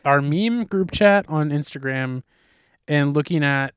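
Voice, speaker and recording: A man chatting casually on a podcast, rambling and circling back with a lot of false starts. His voice sits a bit above the usual pitch for a man. It's recorded close and dry, with no room sound behind him. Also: unhurried, clean tone, no echo. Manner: rambling, full of fillers and restarts. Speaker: podcast co-host.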